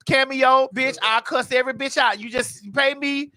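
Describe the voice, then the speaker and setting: A woman hosting a podcast, cursing freely and teasing in brash, animated chat. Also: high-pitched, moderate pace. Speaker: podcast host. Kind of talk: loud, brash casual chat.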